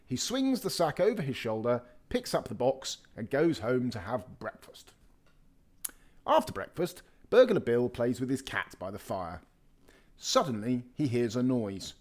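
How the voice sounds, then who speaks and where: A man reading a children's picture book aloud with lively, expressive storytelling. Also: mid-range voice, unhurried. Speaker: storybook reader.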